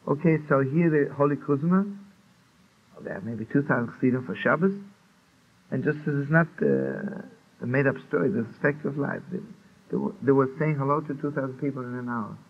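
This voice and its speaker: A man's voice: mid-range voice, lively intonation, normal speed. A man telling a Hasidic story, acting out the dialogue and laughing often. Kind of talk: storytelling talk. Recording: tinny lo-fi archive recording with faint hiss.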